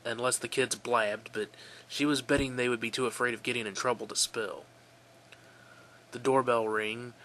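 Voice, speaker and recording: Man, casual creepy story narrator, bright tone, mid pitch, faint background noise. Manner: relaxed, self-correcting, offhand.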